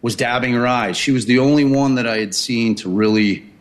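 A man recounting courtroom events in a halting way, with many restarts and fillers. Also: medium pitch. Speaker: courtroom observer and commentator.

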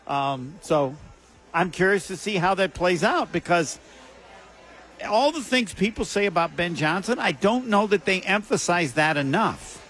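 A man's voice: high voice, expressive, moderate pace, fairly bright tone. A man co-hosting a casual sports talk show, asking questions and making wry asides. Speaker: co-host.

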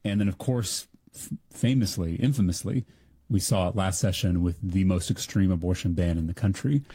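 Deep-voiced man giving a campaign speech. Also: normal speed, warm tone, breathy edge, no echo. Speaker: political candidate.

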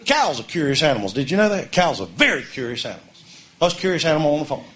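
Animated folksy man telling a story. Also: fairly high pitch, quick pace. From Mississippi. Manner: folksy, animated, shouts punchlines. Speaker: comedian. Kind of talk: storytelling stand-up.

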